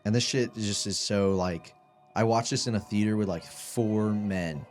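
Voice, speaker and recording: A man's voice: on the low side, fairly even intonation, measured pace, darkish tone, faint music behind. A young man in casual podcast chat, rambling and swearing with lots of fillers. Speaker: podcast guest.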